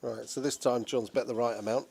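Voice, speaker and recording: Gravelly man calling poker. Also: mid-range voice, steady tone, fairly quick, a little mellow. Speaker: poker commentator. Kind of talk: play-by-play commentary.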